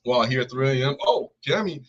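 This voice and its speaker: A man's voice: medium pitch, sharp tone. A man co-hosting a casual live stream, talking enthusiastically, rambling and thanking viewers by name. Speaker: co-host. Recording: dull lo-fi stream audio.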